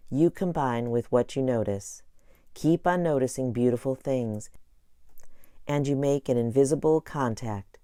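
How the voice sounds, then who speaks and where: Brief: man narrator, calm even audiobook read, mellow tone, dry booth sound. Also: medium pitch, measured pace, dry recording. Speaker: audiobook reader. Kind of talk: audiobook narration of an inspirational book.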